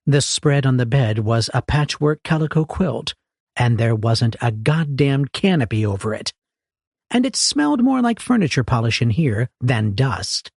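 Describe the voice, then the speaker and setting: A man reads an audiobook with a husky, breathy grain and a lively, wide-ranging pitch. His delivery is expressive and wry. The recording is dry and close with no room sound. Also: a little slow, no room sound. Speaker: audiobook narrator. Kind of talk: scripted audiobook narration.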